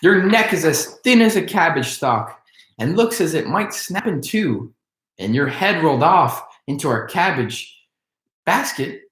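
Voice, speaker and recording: A man's voice: mid-range voice, lively intonation, a little slow, voice pushed up, close to an everyday voice. A man voicing a spirited little boy in a storybook reading, in an echoey room. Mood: indignant. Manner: indignant.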